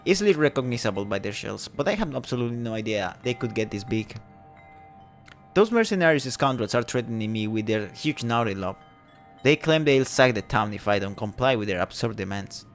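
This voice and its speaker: A man voicing a flustered woman village mayor who sounds fretful, prim and high-strung. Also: expressive, brisk, soft background music, lightly acted.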